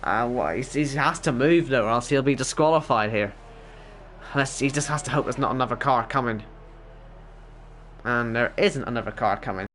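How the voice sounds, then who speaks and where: A man's voice: mid-range voice, normal speed, fairly bright tone, a little hiss or hum. A Northern Irish man casually commentating an online race league stream, rambling, joking at his own expense and reading out chat messages.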